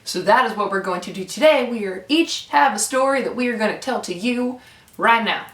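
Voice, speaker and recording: A young woman telling a story casually, animated and swearing freely as she acts out what people said. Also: fairly high pitch, a little fast. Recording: echoey room, from a distance.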